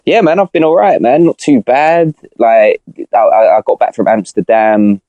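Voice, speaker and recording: A man's voice: medium pitch, normal speed, mellow, no echo, muffled recording. A young man on a podcast, chatting casually in rambling slang with lots of restarts. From Britain. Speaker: podcast co-host. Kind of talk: casual chat.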